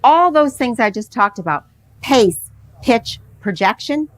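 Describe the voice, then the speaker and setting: A woman's voice: on the high side, lively intonation, unhurried, dry recording. A middle-aged woman gives a live workshop on presenting, talking to a room of attendees. She explains her points conversationally and often turns them into rhetorical questions for the audience. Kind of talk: live workshop talk on public speaking.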